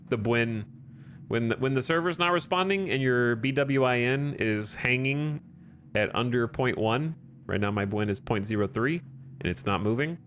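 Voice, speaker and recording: A man giving live gameplay commentary to his chat, clearing his throat often after choking. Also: medium pitch, fairly bright tone, slight background noise. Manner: talks to chat while playing, with frequent throat clearing. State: choking and coughing. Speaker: streamer.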